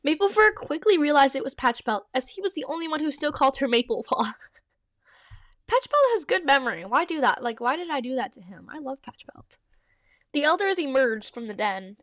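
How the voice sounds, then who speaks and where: A high-voiced woman reads her old fanfiction aloud, then breaks off to laugh and comment, with plenty of likes and ums. The recording is dry and close, with no room sound. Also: sing-song, moderate pace, a bit bright, dry recording. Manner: giggly, many likes and ums. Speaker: fanfiction reader and podcaster.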